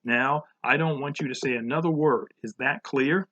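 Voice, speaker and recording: A man's voice: normal speed, pushed and bright, lo-fi sound. A man voicing a stern, short-tempered female schoolteacher who scolds in a raised, mocking voice. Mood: scolding. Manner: snapping, mocking, high-pitched scolding.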